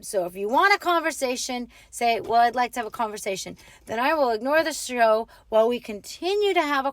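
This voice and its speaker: A married woman hosting a casual advice talk, opinionated and animated, acting out little quoted exchanges. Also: a little high, no room sound. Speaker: host.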